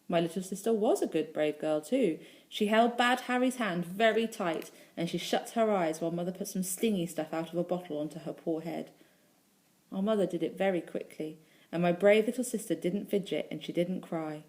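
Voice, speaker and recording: A woman's voice: fairly low pitch, normal speed, darkish tone. A female primary school teacher reading a storybook aloud expressively, stopping to talk to the children listening.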